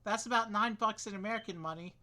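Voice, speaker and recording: A woman's voice: medium pitch, quick pace, bright, forceful tone, close to an everyday voice. A woman reading the lines of a curious young female detective in a video game, plainly read.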